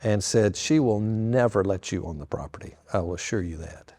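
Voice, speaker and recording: An older man, a pastor retelling a story with lively quoted dialogue to an audience. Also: on the low side, normal speed.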